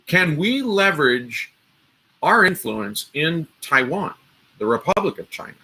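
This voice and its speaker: Bright-voiced man riffing on a live stream. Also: a little high. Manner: rambling, restarts often, talks straight to viewers. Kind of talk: casual political commentary.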